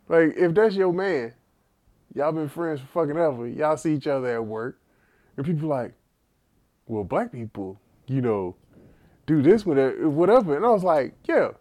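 A man's voice: fairly high pitch, dark tone. A man co-hosting a podcast, telling stories in casual, profane chat with bursts of laughter. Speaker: podcast co-host.

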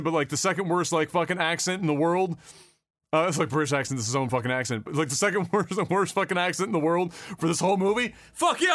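Casual podcast co-host, male, higher voice, dry close-mic sound, excitable and profane. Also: no echo. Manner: animated, swears a lot, rambling restarts. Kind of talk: casual chat.

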